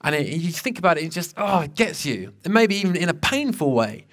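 A man preaches to his congregation, speaking in a fairly high, lighter register. His delivery is earnest and conversational, full of restarts as he tells a personal story. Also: big pitch swings, brisk, fairly bright tone. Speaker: pastor. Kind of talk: sermon.

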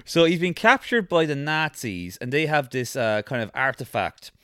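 A man co-hosting a podcast reviews a film in casual chat, his delivery rambling, jokey and full of fillers. His mid-range voice is clear, resonant, pushed and bright, with lively intonation at a moderate pace, recorded in clean studio sound with no room echo.

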